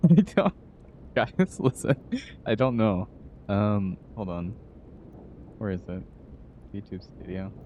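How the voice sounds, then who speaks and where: A man hosting a relaxed live stream, greeting chat and laughing often as he talks. His voice sits low and moves slowly. A faint hum of noise runs underneath. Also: highs cut off.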